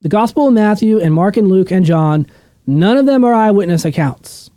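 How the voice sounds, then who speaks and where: Blunt, animated man teaching Bible study. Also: high voice, moderate pace, dry recording. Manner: blunt, opinionated, asks and answers his own questions. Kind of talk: casual unscripted teaching.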